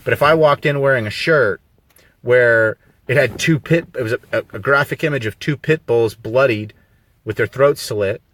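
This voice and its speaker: Speaking at normal speed in a medium-pitched, slightly bright voice, a man rambles emphatically on a live video stream and poses many rhetorical questions. The recording is dry and comes through a phone on a mobile signal.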